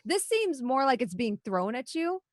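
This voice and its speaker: A woman's voice: sits high, sing-song, normal speed, no echo. Brief: casual woman game master, descriptive narration, dry mic. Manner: casual, descriptive, many fillers. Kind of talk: narrating a tabletop role-playing game. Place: home, online session.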